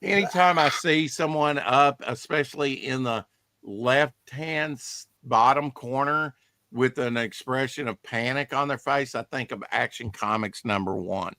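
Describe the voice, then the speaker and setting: Bright, chatty podcast host man. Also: medium pitch, measured pace, no echo. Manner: chatty, rambling, reads promos aloud. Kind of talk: casual chat about comics.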